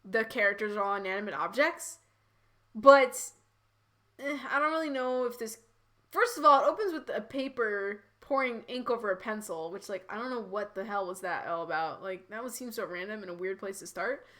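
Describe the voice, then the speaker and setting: Bright-voiced woman streamer, giggly. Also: mid-range voice, moderate pace. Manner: rambling, giggly, incredulous. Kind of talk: live-read with commentary.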